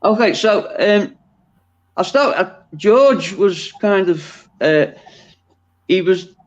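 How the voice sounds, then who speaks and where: A man's voice: high-pitched, lively intonation, slow, dull audio. A man from Liverpool with a Scouse accent, chatting casually on a video call, rambling and correcting himself as he goes. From Liverpool, England. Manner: rambling, self-interrupting, chuckling. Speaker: guest. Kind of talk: casual chat on a live stream.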